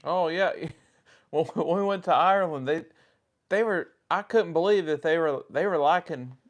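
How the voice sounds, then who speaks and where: A man's voice: on the high side, normal speed. Chatty Southern US man co-hosting. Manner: chatty, greets viewers by name, tells anecdotes. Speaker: co-host of a paranormal livestream. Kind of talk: casual live-stream chat with viewers.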